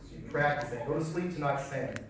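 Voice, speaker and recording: A man teaching a live sales seminar in a folksy, animated way, repeating his key phrases. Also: mid-range voice, fairly quick, a crowd in the background. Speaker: sales trainer. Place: large echoey hall. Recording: echoey hall, voice from far off.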